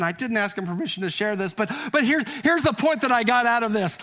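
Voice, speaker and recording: High-voiced male pastor preaching a sermon. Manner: storytelling with call-and-response, rhythmic repetition; pitch swings from hushed low to raised. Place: church.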